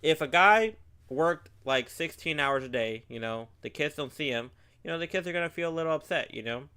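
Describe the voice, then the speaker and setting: A man's voice: fairly high pitch, lively intonation, brisk, pushed and bright, smooth. A man hosting a podcast, making his points earnestly and filling gaps with "you know". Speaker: podcast host. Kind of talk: casual podcast chat.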